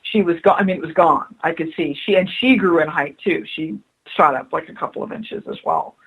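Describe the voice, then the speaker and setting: A woman's voice: low voice, brisk, breathy edge, rough recording. A woman being interviewed on radio as a spiritual adviser, telling stories earnestly and repeating her key phrases for emphasis. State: choked up.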